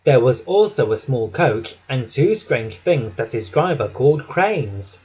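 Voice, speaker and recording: Husky, expressive storybook narrator, male. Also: medium pitch, poor audio. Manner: slow, expressive children's-story reading.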